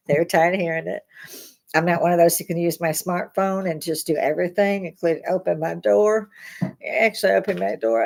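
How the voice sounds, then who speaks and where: A woman's voice: on the low side, gravelly, a little mellow. Blunt, ranting woman streaming from home. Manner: blunt, swears, rants heatedly. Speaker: livestream host. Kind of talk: casual livestream monologue. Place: home bar. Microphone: webcam.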